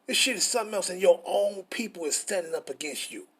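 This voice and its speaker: Husky-voiced man preaching, high pitched. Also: animated, fast. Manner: frustrated, profane, repetitive preaching. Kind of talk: informal scripture teaching.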